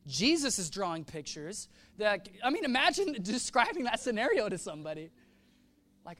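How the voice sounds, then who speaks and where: A man's voice: high-pitched, sing-song, normal speed, fairly bright tone, slight background noise. A man preaching a sermon, telling a story with casual slang and acting out the quoted voices. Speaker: pastor.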